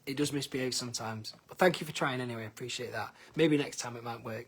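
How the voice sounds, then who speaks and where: A man's voice: medium pitch, fast talker, slightly rough. Chatty singer-songwriter man live-streaming. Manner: chatty, reads out viewer names, hesitant with many ums. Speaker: singer-songwriter and livestream host. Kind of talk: casual chat with viewers on a live stream. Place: living room at home. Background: guitar.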